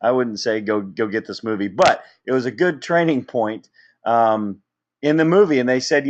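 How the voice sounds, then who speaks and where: A man giving a motivational business training talk, energetic and checking in with "okay?" and "right?" after nearly every point. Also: medium pitch, moderate pace, muffled recording.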